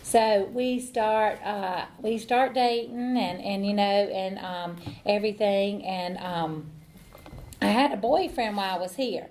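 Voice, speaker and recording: A woman's voice: mid-range voice, measured pace, a little mellow, slight background noise. A middle-aged woman, telling her recovery story in a rambling way, with many fillers and restarts, and laughing at herself. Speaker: AA speaker. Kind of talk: personal recovery talk.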